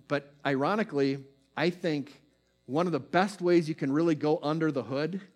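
A man delivering a sermon as a pastor, moving between quick bursts and slow, hushed phrases. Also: on the high side.

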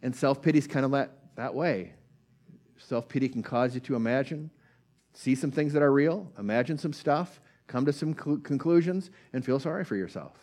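A man's voice: mid-range voice, normal speed, a little mellow. A man giving an informal sermon, retelling a Bible story in a conversational way, with plenty of fillers and restarts. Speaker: preacher. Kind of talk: casual sermon.

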